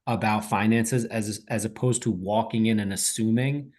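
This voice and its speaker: A man hosting a webinar discussion, asking questions in a halting way and rephrasing as he goes. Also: on the low side, steady tone, a little mellow. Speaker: host.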